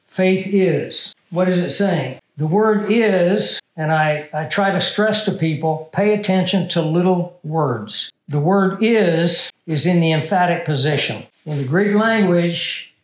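A man's voice: fairly high pitch, reverberant, rough recording. A man preaching a teaching sermon, stressing key words and putting questions to the congregation. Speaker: pastor.

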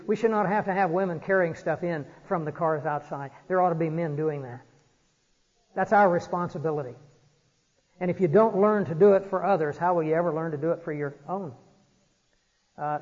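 A man preaching an earnest, exhorting sermon from a church pulpit, often pausing on "uh". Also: on the high side, a little mellow, husky. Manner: earnest, exhorting, frequent "uh" fillers. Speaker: pastor. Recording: dull recording in a reverberant church hall.

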